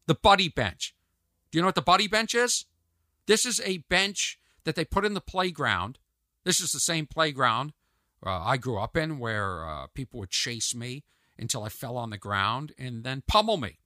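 Male podcast host, animated comic rant, bright edge, dead-dry sound. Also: mid-range voice, normal speed, dry recording. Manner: animated, ranting, mimics others in asides. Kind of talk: comedic solo podcast monologue. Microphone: podcast mic on video.

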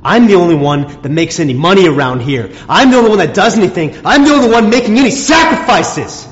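A man's voice: high voice, lively intonation, fast talker. An actor playing a resentful working husband who scolds his wife sarcastically, in a dull, echoey recording with faint noise behind. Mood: bitter. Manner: bitter, sarcastic, rising to angry outbursts. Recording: dull muffled sound, long reverb, faint room noise.

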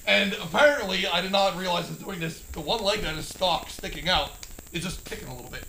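A man telling a firefighting training story in casual chat, swearing often and acting out quotes loudly. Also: sits high, quick pace, gravelly, roomy sound, a little hiss or hum. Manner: profane, excitable, acts out quotes loudly.

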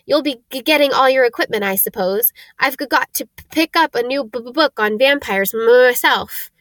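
A woman's voice: sits high, normal speed, fairly bright tone, no room sound, voice pushed up. A woman voicing a pale, nervous young male professor who stammers through every word. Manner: stammering, jittery.

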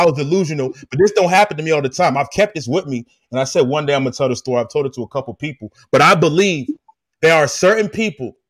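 Fairly high-voiced man telling a story. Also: no room sound, studio quality. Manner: animated, emphatic, addresses listeners directly with slang. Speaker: podcast host. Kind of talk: casual storytelling chat.

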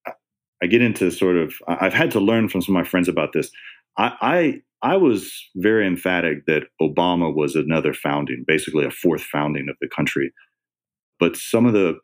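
A man with an extremely deep, low voice talks as a podcast guest. He rambles in a casual discussion, hesitant and full of fillers and restarts.

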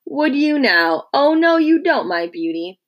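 A woman reading aloud, voicing a cheerful, friendly Roman soldier who talks in rough slang. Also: fairly high pitch, animated, fairly quick, dull audio, pitched above the performer's own voice.

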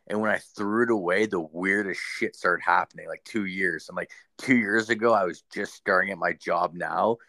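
Low-voiced man telling a rambling story. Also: moderate pace, gravelly, hardly any pauses, sharp tone, no room sound. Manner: rambling, heavy swearing, filler-laden. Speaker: podcast host. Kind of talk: casual storytelling.

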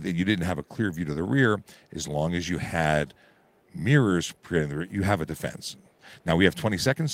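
Hoarse cop guy w a real low voice, casual explaining traffic rules, live call-in. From Canada. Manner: explanatory, informal. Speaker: police constable answering traffic questions. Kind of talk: live radio call-in answers. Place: busy auto show floor.

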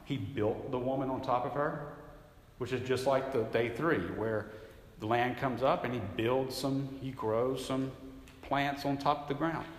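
A man's voice: mid-range voice, steady tone, a little slow. A man teaching a Bible class from a handout, conversational and emphatic, often doubling back mid-sentence. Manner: conversational, emphatic, rambling with restarts. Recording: echoey hall, faint ambience.

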